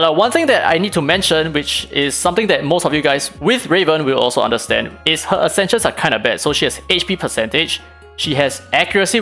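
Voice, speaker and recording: A man's voice: fairly high pitch, gravelly, pushed and bright. A man hosting a gaming channel, talking through a game guide in a casual, analytical way with frequent fillers.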